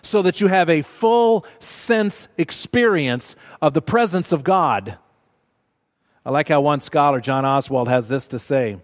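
A man preaching a sermon in a church, measured and emphatic, repeating words for stress. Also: fairly high pitch. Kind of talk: sermon teaching. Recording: long reverb of a large hall.

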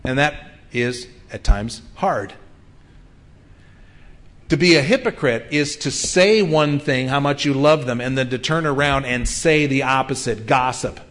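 A man in his fifties delivers a sermon in a plain, conversational way. He sounds earnest and speaks at an ordinary mid pitch, often pausing on an um. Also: a bit bright. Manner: earnest, conversational preaching with frequent ums. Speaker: pastor.

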